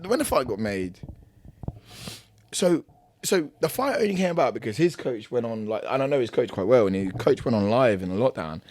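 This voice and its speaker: A man's voice: medium pitch, big pitch swings, normal speed, a little mellow. A young British man, a boxer, telling a backstage story on a podcast in casual slang, acting out both sides of the argument and laughing as he goes.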